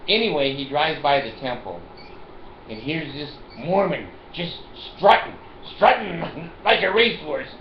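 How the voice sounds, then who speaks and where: A man's voice: on the high side, lively intonation, unhurried, slight background noise. An older man in a casual monologue to the camera, rambling and joking and laughing often. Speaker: vlogger. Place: at home in a chair. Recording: roomy, dull home recording.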